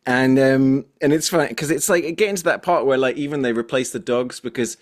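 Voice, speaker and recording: A man hosting a movie podcast, recapping scenes from his notes in a lively, casual way. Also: medium pitch, brisk. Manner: animated, reads from notes, quotes scenes. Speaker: podcast host.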